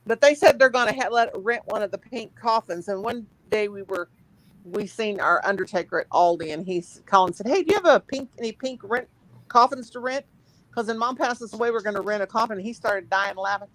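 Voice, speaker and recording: A woman's voice: medium pitch, fairly quick, rough recording. A middle-aged woman, chatting casually and laughing often while she crochets and counts stitches aloud on her channel.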